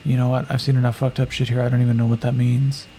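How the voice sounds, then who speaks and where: A man's voice: mid-range voice, little pitch movement, fast, vocal fry, mellow, faint music behind, close to an everyday voice, rough recording. A man playing a wry, weary augmented fighter. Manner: casual, self-deprecating, swears.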